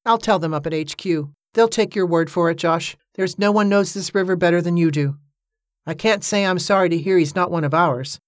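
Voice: medium pitch, brisk, no echo, clean studio sound, close to an everyday voice. A narrator voicing a plain-spoken male police sergeant in an audiobook. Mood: matter-of-fact. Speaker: character in an audiobook.

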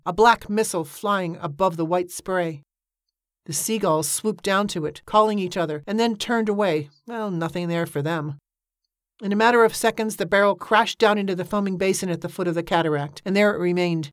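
A woman narrating an audiobook in a steady, measured storytelling voice. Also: fairly low pitch, no echo, studio quality.

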